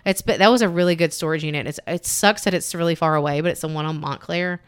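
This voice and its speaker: A woman podcast host telling stories in a casual chat, getting animated as she goes. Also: low voice, fast, clean tone, no room sound, studio quality. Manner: animated storyteller, gets loud when excited.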